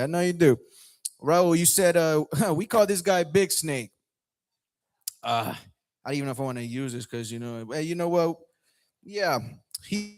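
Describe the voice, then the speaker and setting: A man hosting an open mic comedy night, bantering playfully with the crowd on a lounge stage mic. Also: fairly high pitch. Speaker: host.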